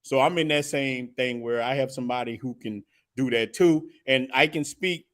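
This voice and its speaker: A man hosting a casual group chat, slangy and quick to laugh. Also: medium pitch, fairly bright tone. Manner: slangy, laughs often, calls others big dog. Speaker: host.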